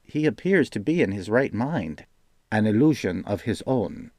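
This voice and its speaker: A man narrating a fantasy audiobook in a measured, steady reading. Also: fairly low pitch, no echo, studio quality.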